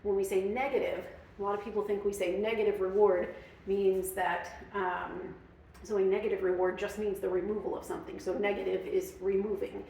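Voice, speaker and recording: A woman's voice: medium pitch, level tone, brisk, gravelly, dark tone, distant mic, a little hiss or hum. A woman dog trainer explaining her methods in a casual, chatty way, with many fillers. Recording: very echoey room, off-mic.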